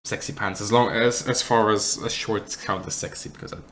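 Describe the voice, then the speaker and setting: A man's voice: on the low side, steady tone, normal speed, fairly bright tone, slight background noise. A man with a German accent casually answering chat questions on a live stream, rambling and correcting himself with dry humour. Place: apartment.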